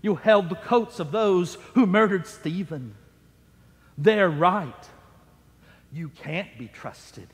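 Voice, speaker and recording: A man voicing a sly, condemning demonic inner voice, speaking low, slow and hushed in a reverberant church sanctuary. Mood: hushed menace.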